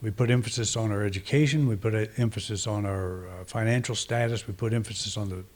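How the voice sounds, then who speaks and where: A man's voice: on the low side, quick pace. A man, a minister, preaching a conversational, reflective sermon with frequent restarts and fillers.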